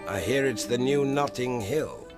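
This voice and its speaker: A man's voice: medium pitch, animated, measured pace, over loud music, close to an everyday voice. A man voicing a smug, scheming business boss with a cold, menacing manner in a comedy sketch. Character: scheming male chain-store boss, villainous.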